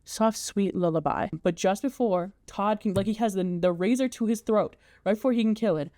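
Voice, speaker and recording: A woman's voice: mid-range voice, normal speed, warm tone, dry recording, studio quality. A woman giving a casual, chatty plot recap as a video essayist, talking in a loose conversational way.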